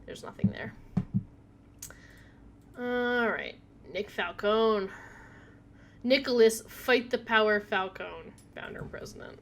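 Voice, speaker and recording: A woman's voice: on the high side, takes it slowly, pauses often, a little hiss or hum. A woman streaming a video game at home, chatting casually, reading text aloud and talking to her cat. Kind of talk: casual live gameplay commentary.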